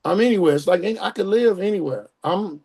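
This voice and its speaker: Middle-aged Chicago man, high gravelly voice, animated storyteller acting out quotes. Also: fairly quick. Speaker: guest comedian. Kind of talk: casual podcast chat.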